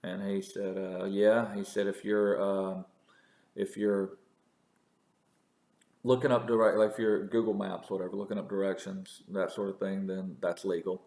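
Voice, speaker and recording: Gravelly man rambling in an echoey room. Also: low-pitched, little pitch movement, normal speed, darkish tone. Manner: rambling storyteller with many restarts and profanity. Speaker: political commentator. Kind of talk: casual monologue.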